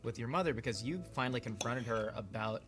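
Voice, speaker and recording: A man's voice: medium pitch, fast talker, music in the background. A man interviewing a guest casually, mostly offering brief affirmations and asking probing personal questions.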